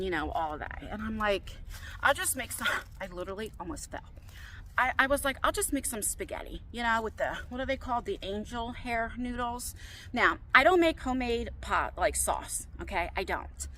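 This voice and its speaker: A middle-aged woman telling a personal story while walking outdoors, chatty and animated, acting out what others said. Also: fairly high pitch. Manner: chatty, animated, quotes people in raised voices. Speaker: vlogger. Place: outdoors on a walk. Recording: faint outdoor background noise.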